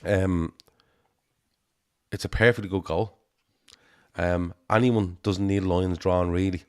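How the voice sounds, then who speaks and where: A man's voice: low-pitched, fairly even intonation, takes it slowly, smooth. A man hosting a football podcast, talking with many hesitant ums. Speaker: podcast host. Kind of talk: football chat.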